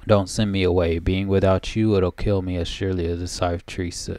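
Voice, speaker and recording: A man reading out the lines of a lovesick, devoted male satyr from a game, in his own low gravelly voice. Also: flat delivery, brisk, darkish tone, no room sound, close to an everyday voice. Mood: pleading. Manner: reads dialogue aloud from the screen. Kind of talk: reading game dialogue aloud.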